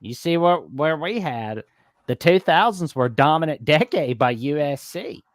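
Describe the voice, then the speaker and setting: A man hosting a casual college football talk show, animated and given to mock-scolding asides. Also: a little high, moderate pace, dry recording, clean studio sound.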